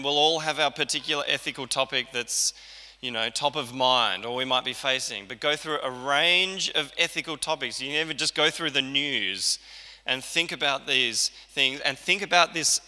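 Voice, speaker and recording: A man's voice: mid-range voice, expressive, normal speed, bright, forceful tone. A man preaching a sermon in a conversational way, acting out the lines he quotes. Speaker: pastor. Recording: church hall reverb.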